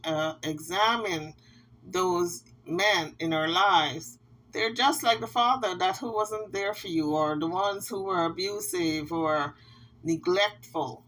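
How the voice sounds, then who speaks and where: A woman with a slightly low, bright voice speaks in an earnest, advising way. Her delivery is measured and reflective, with faint hiss in the background. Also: poor audio. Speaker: commentator. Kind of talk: reflective commentary.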